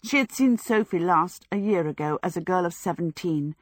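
A woman narrating a storybook in a measured, expressive way. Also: on the low side, no room sound. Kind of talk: audiobook narration. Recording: dry close recording.

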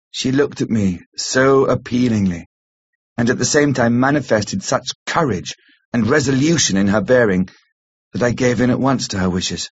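Male audiobook narrator, husky, measured, lo-fi recording. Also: medium pitch. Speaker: audiobook reader. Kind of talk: scripted narration. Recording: slightly muffled lo-fi recording.

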